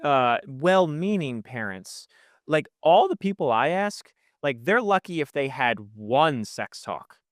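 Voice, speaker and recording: A young adult man hosting a podcast, talking in an earnest, animated way and quick to laugh along with his guest. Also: fairly high pitch, no room sound, studio quality. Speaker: podcast host. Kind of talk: casual conversational interview.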